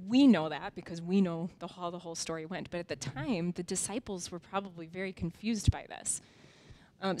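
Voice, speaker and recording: A woman's voice: lowish voice, a little mellow, dry recording. A woman teaching a children's Sunday school lesson, casually explaining with fillers and reading a Bible story aloud.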